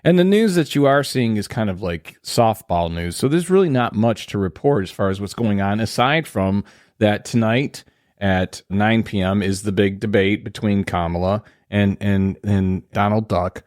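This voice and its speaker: A man's voice: lowish voice, darkish tone, dry recording. Man steering a studio podcast chat. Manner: steers the talk, quick teasing remarks. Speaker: podcast co-host. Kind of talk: casual banter. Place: recording studio.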